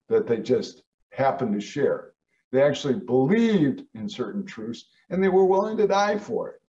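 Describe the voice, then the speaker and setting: A man giving a lecture, stressing key words with sharp rises in pitch. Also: recorded from a distance, highs cut off. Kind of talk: lecture on founding history.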